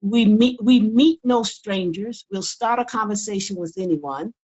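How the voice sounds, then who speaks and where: A woman's voice: medium pitch, measured pace, a little mellow, highs cut off. An older woman, a guest in a casual interview, talking earnestly and often repeating words as she builds her point. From United States. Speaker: guest author.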